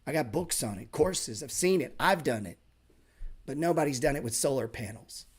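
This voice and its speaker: A man's voice: mid-range voice, expressive, moderate pace, husky. A man in an everyday middle-range voice runs a casual live trading class. He talks bluntly and swears freely for emphasis. He throws in sarcastic asides. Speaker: trading teacher.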